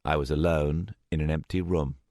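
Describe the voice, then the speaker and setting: A man narrating an urban fantasy audiobook in a steady, even manner. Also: very deep voice, moderate pace, no echo. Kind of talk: scripted narration. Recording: dry close studio sound.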